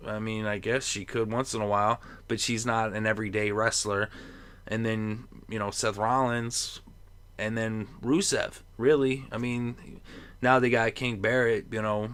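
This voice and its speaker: A man's voice: lowish voice, a bit bright, clean tone. A man giving a casual, rambling wrestling recap and opinion, full of fillers and asides. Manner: chatty, rambling, with many fillers. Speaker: wrestling commentary vlogger.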